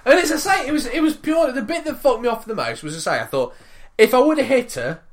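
Animated man telling a rant. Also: very high voice, quick pace. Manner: animated, swearing, acts out his own shouting. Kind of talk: casual chat, animated anecdote.

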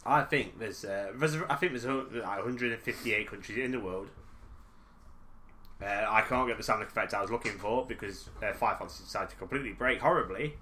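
Bright-voiced man in casual podcast banter. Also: on the low side, brisk, a little hiss or hum. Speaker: podcast co-host. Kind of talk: casual comedic podcast chat.

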